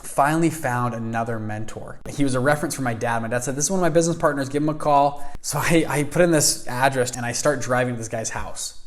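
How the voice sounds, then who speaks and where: A young man recounts a personal story with lively energy, slipping into other people's voices as he quotes them. His pitch sits in an ordinary middle range. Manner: animated, acts out quoted voices. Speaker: fund founder telling his story.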